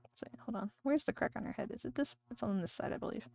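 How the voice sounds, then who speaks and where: A woman's voice: fairly high pitch, fast, vocal fry, a little mellow. A woman streamer chatting casually and rambling while she draws on a livestream. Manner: chatty, rambling, thinking aloud.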